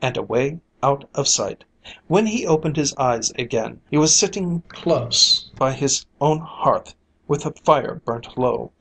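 Storyteller for a fairy-tale reading; slow, lilting, unhurried. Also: mid-range voice, animated, a bit bright, slightly rough, rough recording.

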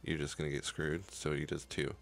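A young man commentates his own game run with a deep, low voice. A gravelly fry runs through his speech as he curses the game in frustration. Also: flat delivery, a little fast. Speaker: gaming YouTuber. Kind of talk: profane Let's Play commentary.

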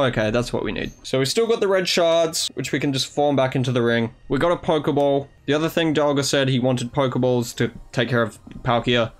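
A young man giving let's play commentary, excitable and sarcastic, who swears and reads the game's dialogue aloud. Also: mid-range voice. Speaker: gaming YouTuber.

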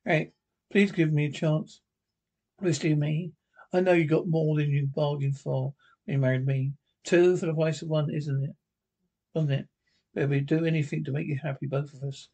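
A man's voice: on the high side, steady tone, moderate pace, warm tone. A man reading the part of an earnest, pleading young mother in a radio drama.

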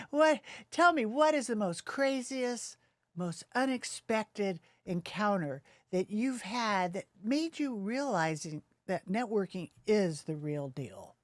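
A woman's voice: mid-range voice, expressive, slow, no echo, clean studio sound. A middle-aged woman who is a podcast host, enthusiastic and chatty in a casual interview.

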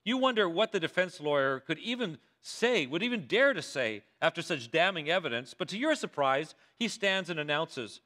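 A man's voice: a little high, animated, moderate pace, few pauses, bright, forceful tone. A male pastor preaching a sermon told as a dramatic courtroom story, voicing the characters himself. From Canada. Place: church sanctuary.

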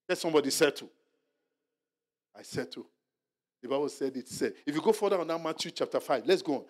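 A male pastor leading a Bible study sermon, animated and exhorting, repeating his points and dropping to a hushed murmur for soft asides. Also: a little high, fairly quick, pauses often. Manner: animated preaching, drops to a hushed murmur when acting out apologies; repetitive, exhorting. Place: church hall.

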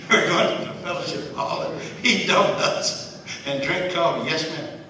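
Brief: folksy Bible study teacher, man, bright forceful voice, recorded from a distance. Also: sits high, expressive, unhurried. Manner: folksy, conversational, chuckles often. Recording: echoey room, distant mic, faint hiss.

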